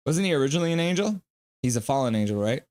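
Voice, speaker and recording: Man, stream host, smooth clear voice, reads chat aloud playfully. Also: mid-range voice, very animated, darkish tone. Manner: playful, reads viewer comments aloud in quick bursts. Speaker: livestream host. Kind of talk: reading chat on a live stream.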